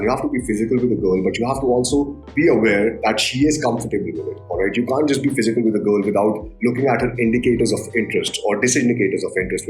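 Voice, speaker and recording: A man's voice: medium pitch, reverberant. A man teaching dating tactics as a coach, emphatic and blunt, often checking in with "right?" and swearing for emphasis. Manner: emphatic, profane, repeats points with "right?". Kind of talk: instructional talk to camera.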